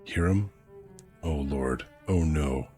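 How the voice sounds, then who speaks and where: A man's voice: rumbling low, slow pace, darkish tone, soft background music. A man voicing an earnest, worried boy chief trying to keep order, in a novel read-aloud. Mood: fearful.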